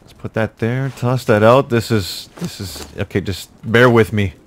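A man's voice: lowish voice, normal speed, a little hiss or hum. A man giving casual, jokey commentary over his own gameplay, talking to himself with exasperated outbursts. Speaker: gaming YouTuber.

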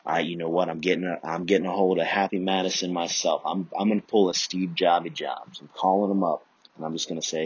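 Deep husky man riffing profanely. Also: fairly even intonation, quick pace, no echo, dull audio. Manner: profane, riffing, jumps between tangents. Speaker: podcast host. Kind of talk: rambling comedic monologue.

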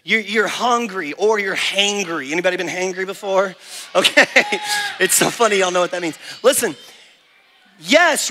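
Energetic male kids-camp preacher, high and bright, long hall reverb. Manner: animated, energetic, acts out little prayers in different voices. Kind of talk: lively preaching to children. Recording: echoey hall with faint music.

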